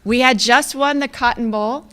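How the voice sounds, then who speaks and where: A woman's voice: a little high, moderate pace, a bit bright, smooth. A woman in her fifties giving a conversational, self-deprecating storytelling speech as an athletic director, often laughing at herself. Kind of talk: storytelling club luncheon speech.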